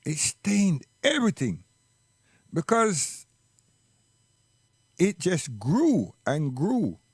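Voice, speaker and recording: Man, reflective storyteller, unhurried delivery, dry close sound. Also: a little high, wildly swooping pitch, breathy edge, dry recording. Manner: slow and reflective, repeats words for emphasis. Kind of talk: personal storytelling monologue.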